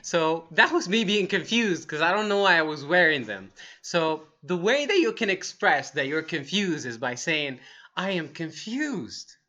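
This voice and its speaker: A young man teaching English phrases for feelings in an upbeat way, repeating each phrase slowly and acting the emotion out. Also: fairly high pitch, expressive, sharp tone, muffled recording. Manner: upbeat, acts out each feeling in slow demonstrations. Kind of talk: lively language lesson. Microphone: wearing earphones on camera.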